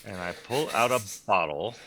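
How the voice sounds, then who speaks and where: A man's voice: fairly low pitch, expressive, moderate pace, sharp tone, slight background noise. A man playing a tabletop game, stating his character's actions in a matter-of-fact way. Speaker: player.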